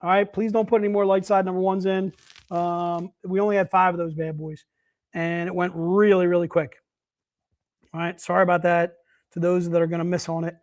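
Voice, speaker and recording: A man's voice: sits high, level tone, brisk, darkish tone. Dude-saying guy running a live collectibles sale, chatty and upbeat. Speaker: livestream sales host. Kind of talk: casual live sales patter.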